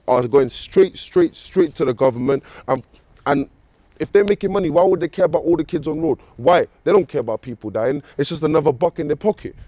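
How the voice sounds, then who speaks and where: A man's voice: medium pitch, dark tone, no room sound. Angry, cursing London man. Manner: angry, profane, fires off repeated rhetorical questions. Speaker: interviewee. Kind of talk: impassioned street interview.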